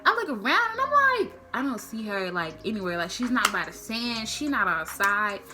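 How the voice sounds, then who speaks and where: A young woman vlogger, telling a slangy, animated storytime. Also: fairly high pitch, moderate pace. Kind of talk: storytime vlog.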